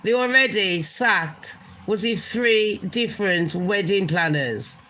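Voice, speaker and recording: A woman's voice: mid-range voice, animated, slow, bright, forceful tone. A woman hosting a casual celebrity gossip livestream, blunt and chatty, swearing freely and talking straight to her viewers.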